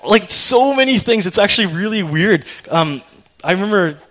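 A young man preaching a sermon, telling an emotional personal story in an animated way. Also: sits high, normal speed.

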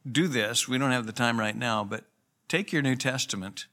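A man's voice: mid-range voice, moderate pace, bright, forceful tone. A pastor preaching a sermon in an earnest, conversational way, with emphatic rises in his voice. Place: church.

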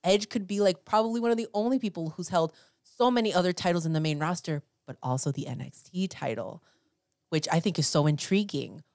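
A woman co-hosting a wrestling podcast, telling animated stories and acting out her family. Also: lowish voice, brisk, dry recording, clean studio sound. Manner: animated storyteller who acts out family members. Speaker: podcast co-host. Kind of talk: casual chat.

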